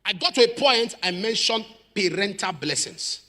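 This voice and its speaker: A male preacher telling a dramatic story in a sermon, acting out the voices of the people in it and building to shouted prayer. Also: sits high, lively intonation, moderate pace, in a large hall. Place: church.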